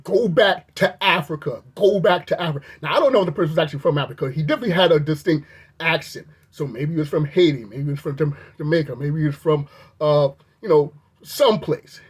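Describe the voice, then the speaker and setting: Vlogger recounting an incident to camera; husky, animated, incredulous storyteller. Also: fast. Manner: animated, incredulous, pitch jumps up when outraged. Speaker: video reviewer recounting an incident. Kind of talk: storytime commentary.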